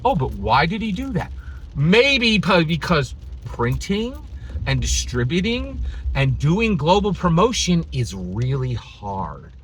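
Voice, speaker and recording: A man's voice: a little high, sing-song, takes it slowly, slight background noise. Exasperated man ranting with sarcasm. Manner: exasperated, sarcastic, laughs between lines. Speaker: channel host. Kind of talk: ranting commentary.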